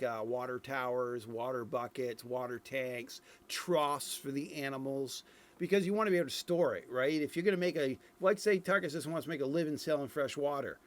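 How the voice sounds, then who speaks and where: Rambling man with a fairly high voice. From Ireland. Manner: rambling, thinks aloud with fillers and restarts. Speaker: streamer reviewing game dev footage. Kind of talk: casual commentary.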